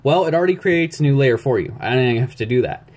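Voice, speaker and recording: A young man narrating a drawing tutorial in a casual, rambling way, jittery and a bit rushed. He mutters asides to himself and pokes fun at his own work. His pitch sits in an ordinary middle range. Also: lively intonation, darkish tone. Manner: rambling, jittery, self-deprecating, talks to himself while drawing. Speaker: YouTube animation tutorial maker. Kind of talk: casual screen-recorded tutorial. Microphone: phone recording.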